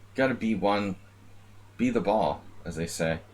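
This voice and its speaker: Low-voiced man rambling over blitz chess. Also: normal speed, a little mellow. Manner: rambling, joking, talks to chat. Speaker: chess streamer. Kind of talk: casual live-stream chat while playing blitz.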